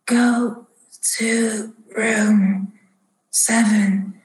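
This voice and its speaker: Woman doing a raspy entranced young man. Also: on the high side, little pitch movement, darkish tone. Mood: pleading. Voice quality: raspy, whispery. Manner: slow, drawn-out pleading. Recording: roomy echo.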